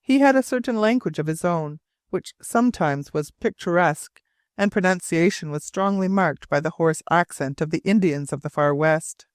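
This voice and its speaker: A man narrating an audiobook in a measured, formal storytelling way. His voice sits a little high for a man. The recording is dry and close, with no room sound. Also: smooth, no room sound. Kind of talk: scripted narration.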